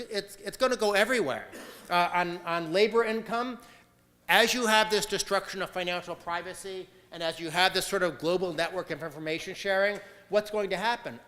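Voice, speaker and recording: An American man lecturing at a conference with a slightly high, bright and forceful voice. He argues emphatically and leans on filler sounds between points. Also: in a large hall. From United States. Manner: emphatic, argumentative, frequent "uh" fillers. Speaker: conference speaker. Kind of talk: conference talk.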